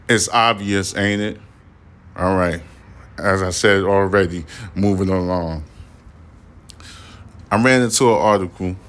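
Low-voiced guy ranting on his own podcast, cussing a lot, cynical and loud. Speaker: podcast host. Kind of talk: solo podcast commentary. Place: Houston, Texas.

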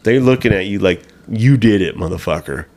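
A man's voice: lowish voice, expressive, darkish tone. A man chatting on a casual podcast, blunt and profane. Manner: blunt, profane, quick interjections. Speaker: podcast co-host. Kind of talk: casual chat.

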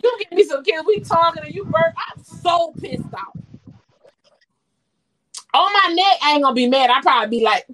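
A woman's voice: extremely high pitch, animated, normal speed, long pauses, fairly bright tone, poor audio. A woman in her forties hosting a podcast, chatting casually, bluntly and profanely, and laughing often. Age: 40s. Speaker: podcast host.

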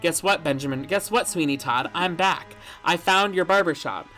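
A speaker playing an eager, lovesick young man who talks in an excited, boastful way. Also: medium pitch, moderate pace, soft background music, natural voice.

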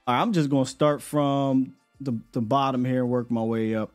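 A man's voice: mid-range voice, steady tone, normal speed, a little mellow, faint music behind. A man hosting a casual sports talk show, making his points with emphatic repetition and calling guests in. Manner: emphatic, repeats points for effect.

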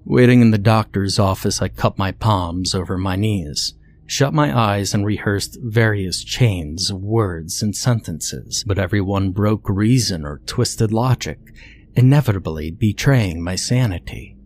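Somber low-voiced man narrating horror. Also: measured pace, darkish tone.

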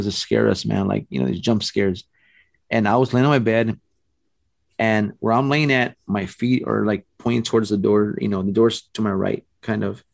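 A middle-aged man casually telling a story, animated and rambling, with restarts and acted-out quotes. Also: on the low side, creaky, no room sound.

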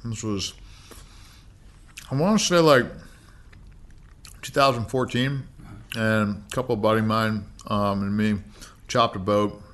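Laid-back swearing American man, bright voice. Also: on the low side, measured pace, pauses often. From United States. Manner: laid-back, heavy swearing, many fillers. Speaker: podcast guest. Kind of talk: casual storytelling.

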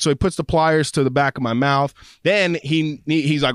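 A man co-hosting a podcast in casual chat, relaxed and laughing easily as he tells his own story. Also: on the high side, a little fast, hardly any pauses, no room sound, clean studio sound. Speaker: podcast co-host.

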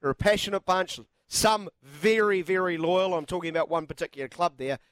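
A man's voice: sits high, a little fast, fairly bright tone, smooth, no room sound. Chatty New radio host man. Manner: chatty, jokey, frequent uh fillers. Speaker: radio sports show host. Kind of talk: live sports radio talkback. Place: radio studio. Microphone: studio microphone.

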